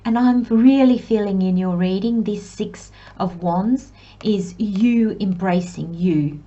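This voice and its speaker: A woman giving a pick-a-card tarot reading who speaks to viewers as piles, reflective and gently encouraging, with self-deprecating asides. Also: medium pitch, slow pace, lo-fi sound. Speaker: tarot reader.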